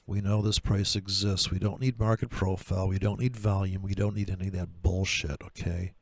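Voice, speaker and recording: A man talking through trading charts in a profane, sarcastic rant, with a gravelly voice. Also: lowish voice, dry recording. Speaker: trader. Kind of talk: screen-share trading commentary.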